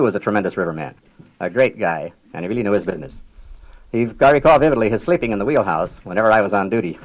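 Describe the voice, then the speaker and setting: An older man with a somewhat low voice tells stories from his years as a riverboat captain. He speaks in a measured, unhurried way, with a dry sense of humor. He clears his throat often between his thoughts. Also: poor audio. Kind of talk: reminiscing public talk.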